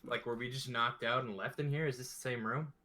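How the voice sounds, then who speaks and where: A man's voice: medium pitch, steady tone, quick pace, bright, forceful tone. A man playing in a tabletop game, casual and joking. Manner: playful, joking. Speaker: player.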